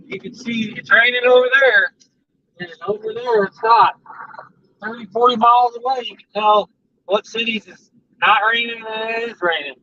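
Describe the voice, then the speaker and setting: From the seat of a moving car on a highway, a man vlogs with chatty, meandering storytelling. His very high-pitched voice has a sharp tone and lively intonation at a normal speed. Road noise runs through the dull, distant in-car audio.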